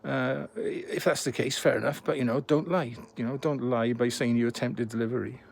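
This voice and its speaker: A man's voice: mid-range voice, fairly even intonation, normal speed, creaky. A man in his sixties chatting casually to camera as a vlogger, rambling and self-deprecating. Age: 60s.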